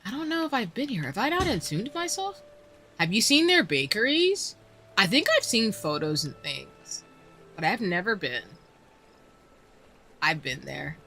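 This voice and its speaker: A woman chats casually while she plays, talking back to her viewers in loose, slangy speech. Her voice is bright and sharp, and her pitch swings up and down through every sentence. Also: big pitch swings, measured pace, pauses often, a little hiss or hum. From United States. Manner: chatty and slangy, reading chat aloud. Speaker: streamer. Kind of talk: casual chat while playing a game.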